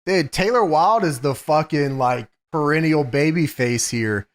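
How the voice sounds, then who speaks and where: A man's voice: on the high side, unhurried. A man co-hosting a casual chat, riffing sarcastically and swearing a lot. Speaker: podcast co-host.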